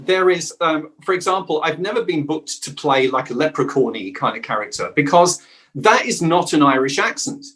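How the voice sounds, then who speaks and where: A middle-aged man who works as a voice actor and dialect coach talks through an interview with an animated, storytelling manner. His speaking voice sits fairly high for a man. He often breaks into little quoted voices to make a point. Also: normal speed. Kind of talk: conversational interview answers.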